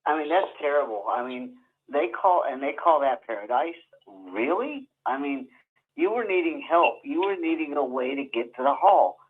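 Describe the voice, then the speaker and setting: A man's voice: a little high, expressive, moderate pace, husky. Man hosting a call-in show over a thin line. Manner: sympathetic, conversational, emphatic. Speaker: host. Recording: narrow phone-like line.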